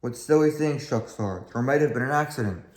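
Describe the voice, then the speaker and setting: A man's voice: mid-range voice, fairly quick, lightly acted. A man reading a storybook aloud, voicing a proud young red steam engine who turns humble and determined. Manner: sorry, then puffing and determined. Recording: echoey room, faint background.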